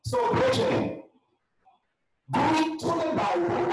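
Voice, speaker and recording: A man from Africa preaching a funeral sermon in a church. He talks emphatically, often shouts, and calls out to the congregation. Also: high-pitched, lively intonation, measured pace. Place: large church hall. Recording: very echoey church from far off, with music.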